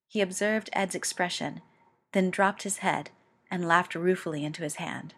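A woman reading a story aloud, slowly and with feeling. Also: lowish voice. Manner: slow and expressive. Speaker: reader.

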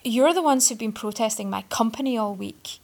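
A woman's voice: fairly high pitch, moderate pace, a little mellow. A woman voicing a haughty, arrogant young male executive who delivers acid, scornful put-downs in a storybook reading. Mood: indignant.

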